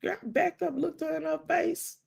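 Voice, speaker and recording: A middle-aged woman tells a personal story on her live stream. Her voice has a gravelly edge, and she acts out the dialogue, dropping to a hush and then climbing high with feeling. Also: moderate pace. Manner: animated storytelling with quoted dialogue and dramatic hushes. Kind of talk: casual live-stream talk.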